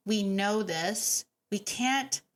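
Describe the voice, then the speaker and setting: A woman hosting a dog training podcast, telling stories in a chatty, animated way with laughs and fillers. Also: medium pitch, drawn-out words. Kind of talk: casual podcast monologue.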